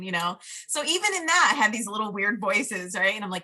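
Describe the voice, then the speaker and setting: A woman with a bright, forceful voice chats as a podcast guest. She tells a personal story with animated energy and acts out the voices in her head. Her manner is lively and full of easy laughter. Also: medium pitch, fairly quick. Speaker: podcast guest, life coach. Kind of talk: casual storytelling chat.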